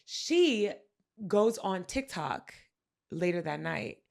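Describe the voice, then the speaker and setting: Woman cohost with a kinda low gravelly voice, chatty and animated. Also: takes it slowly. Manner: animated storytelling, acting out quotes. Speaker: podcast co-host. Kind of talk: casual chat.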